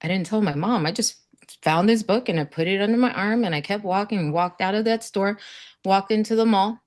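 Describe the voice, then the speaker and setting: A South Florida woman speaks fairly quickly in a mid-range voice as a summit panelist. In a casual panel conversation, she relates earnest, faith-filled stories, acting out the voices she quotes.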